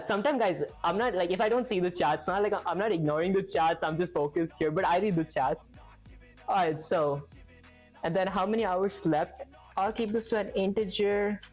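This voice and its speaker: A woman's voice: fairly low pitch, darkish tone. A woman hosting a casual live stream while she codes, chatty and giggly, thinking aloud and answering viewer comments. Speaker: live-stream host learning to code.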